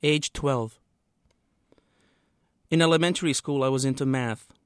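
A man, the author, reading a passage from his own novel aloud in a steady, measured way. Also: medium pitch, clear, resonant tone, dry recording, clean studio sound.

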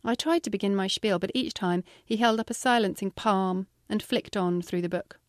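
A woman's voice: mid-range voice, normal speed, dry recording. British woman reading her memoir, wry. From Britain. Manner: wry, dry humor. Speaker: author.

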